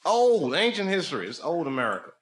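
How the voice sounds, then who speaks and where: A man's voice: on the high side, sing-song, quick pace, fairly bright tone. A man doing stand-up, chatting and joking casually with the audience in a comedy club after a show. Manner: teasing, joking, playful banter. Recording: noisy club recording.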